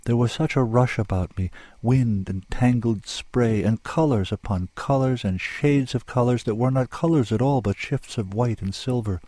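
A man's voice: medium pitch, moderate pace, hardly any pauses, mellow. A man reading a dramatic story aloud in an intense, lyrical, sombre manner. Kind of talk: scripted story narration.

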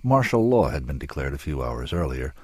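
A man narrating a story in a measured, dramatic way, with drawn-out pauses. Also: rumbling low, big pitch swings, darkish tone, dry recording.

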